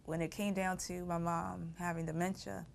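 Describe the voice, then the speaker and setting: Femme au ton posé racontant ses souvenirs. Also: female voice, on the low side, little pitch movement, moderate pace, gravelly, a little hiss or hum. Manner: reflective, laughs while telling painful memories. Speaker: interviewee. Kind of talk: personal storytelling.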